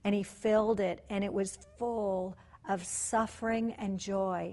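A woman's voice: mid-range voice, steady tone, a little slow, hardly any pauses. A woman preacher telling a story and praying in a passionate, fervent way, repeating her phrases. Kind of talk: sermon and prayer. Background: loud music.

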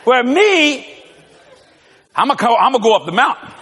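An older man, a pastor, preaching with lively storytelling, acting out dialogue and laughing often. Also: very high voice, normal speed, husky, big-room sound. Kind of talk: sermon.

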